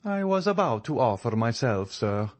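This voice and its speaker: A man reading an audiobook who voices a calm, devout priest with an Italian accent and a formal, courteous way of speaking. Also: medium pitch, normal speed, no echo, natural voice. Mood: solemn. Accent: Italian, put on.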